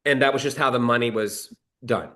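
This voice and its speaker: Screenwriter guy rambling thru a story, bright punchy voice, lots of restarts, swears a bit. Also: medium pitch, fairly quick. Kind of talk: conversational storytelling.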